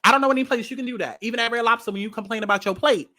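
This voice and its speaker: A woman's voice: on the high side, very fast, bright, forceful tone, slight background noise. A woman hosting casual commentary on a viral video, blunt and sassy, repeating lines for emphasis. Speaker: commentary host.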